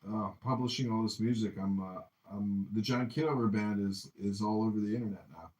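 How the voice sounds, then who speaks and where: A man's voice: on the low side, brisk, a little mellow, echoey room, soft background music. A man hosting a casual live chat with a caller, teasing her with mock-sincere, jokey banter. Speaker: host.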